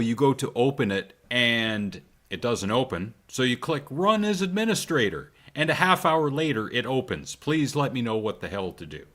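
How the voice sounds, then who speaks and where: A man's voice: medium pitch, fairly bright tone. A man co-hosting a casual podcast chat, rambling with frequent hesitations and trailing off. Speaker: podcast co-host.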